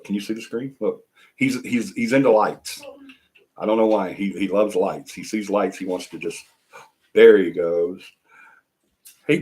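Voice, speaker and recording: A rambling older man with a drawl, talking casually to viewers on a home live stream. His voice sits a little low, and he chuckles often as he wanders between topics. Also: darkish tone. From Alabama. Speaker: paranormal show host. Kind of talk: casual livestream chat.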